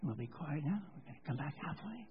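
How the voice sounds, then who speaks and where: Husky pastor, solemn then playful. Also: male voice, fairly high pitch, a little fast, muffled recording. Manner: solemn liturgical reading, then lively and playful with children. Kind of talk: church service liturgy and children's message. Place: church sanctuary.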